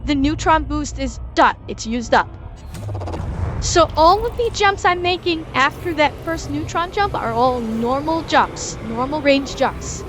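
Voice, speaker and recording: A high-voiced woman streamer explains things step by step in a chatty way, her pitch bouncing all over. She talks straight to her chat while she plays, with faint music running underneath. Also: animated, a little slow. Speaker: game streamer teaching a lesson. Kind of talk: casual livestream tutorial.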